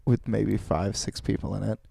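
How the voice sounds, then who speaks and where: Male podcast co-host, gravelly, dark tone, thinks out loud. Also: lowish voice, steady tone, normal speed, dry recording, clean studio sound. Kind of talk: casual chat.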